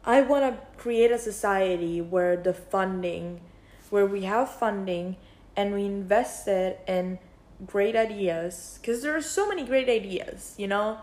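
A woman's voice: medium pitch, a little slow, a little mellow, roomy sound. A young woman vlogging, thinking aloud in a rambling, casual way with many fillers. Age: young adult. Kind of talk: casual reflective monologue.

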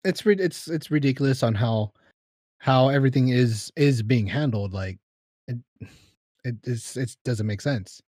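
A mid-pitched man from California talks in loose, casual chat, stumbling over his words and circling back to repeat his point. The sound is dry and close. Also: unhurried, darkish tone, no echo. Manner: repetitive, restarts often, agreeing.

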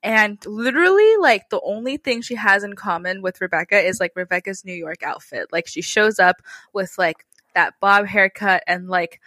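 A woman's voice: medium pitch, animated, moderate pace, sharp tone, no room sound. A woman co-hosting a podcast in casual chat, retelling scenes with playful quoted voices. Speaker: podcast co-host. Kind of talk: casual chat recapping a TV show.

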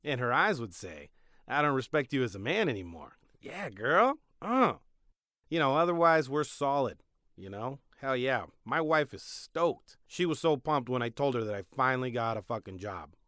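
A young man hosting a podcast, doing a sarcastic comedic monologue that swings between loud bits and mumbled asides. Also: medium pitch, sing-song, moderate pace, no echo, studio quality. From Mexican-American. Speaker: podcast host.

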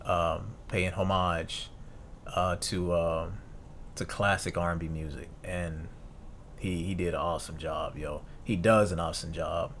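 Deep-voiced man hosting a casual podcast. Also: fairly even intonation, a little slow, fairly bright tone, a little hiss or hum. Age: 30s. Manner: casual and reflective, reads notes aloud with fillers and restarts. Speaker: podcast host. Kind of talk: solo podcast monologue.

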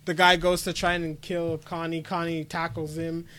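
A man's voice: a little high, little pitch movement, normal speed, sharp tone, clean tone. A young man co-hosting a podcast, casually and animatedly retelling an anime episode and acting out the characters' lines. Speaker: podcast co-host.

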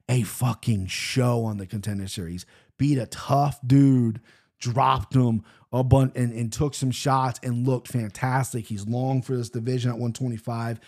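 A man's voice: mid-range voice, darkish tone, husky. A man hosting a podcast and giving his fight betting picks in casual, blunt chat that is full of swearing and tangents. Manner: blunt, profane, rambling. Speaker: podcast host picking fight bets.

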